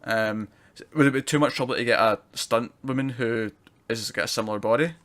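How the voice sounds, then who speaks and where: A man's voice: mid-range voice, fairly quick, a bit bright. A man, co-hosting a casual TV review chat, rambling and laughing often. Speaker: podcast co-host reviewing TV.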